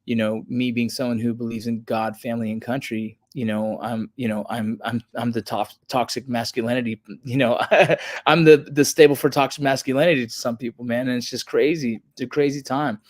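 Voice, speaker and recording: A man's voice: mid-range voice, steady tone, fairly quick, no room sound. Earnest man in casual chat, dry sound. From United States. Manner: earnest, rambling, says "bro" and "man". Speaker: podcast guest, veteran.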